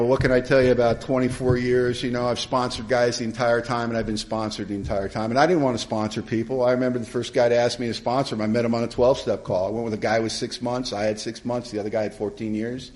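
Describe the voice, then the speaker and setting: A middle-aged man telling his recovery story to a live conference audience, in a humorous, colloquial, animated way. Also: medium pitch, fast. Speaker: AA speaker.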